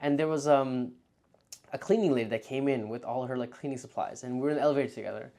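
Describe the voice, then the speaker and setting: Young male vlog host, casual and animated, acts out his own past thoughts, mid-range voice. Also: mid-range voice, fast talker, creaky. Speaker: freelance marketer and video host.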